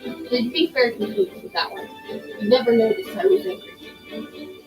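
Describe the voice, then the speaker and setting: Chatty woman gamer rambling slowly, kinda high voice, music playing under. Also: expressive, rough recording. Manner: chatty, rambling, self-deprecating. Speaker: gaming streamer. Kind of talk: casual let's-play commentary. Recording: voice over game music. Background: game music.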